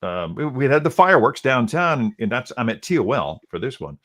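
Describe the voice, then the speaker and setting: A man's voice: mid-range voice, sing-song, fairly quick, fairly bright tone. A middle-aged man, a radio host casually retelling a story he covered, quoting people with many "he goes" and restarts.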